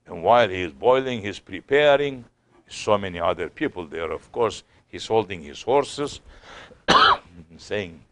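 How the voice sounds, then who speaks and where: Slow, low-voiced man telling a story. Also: lively intonation, fairly bright tone, a little hiss or hum. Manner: non-native English, acts out voices in the story. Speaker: sheikh giving a talk. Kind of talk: sohbet storytelling talk.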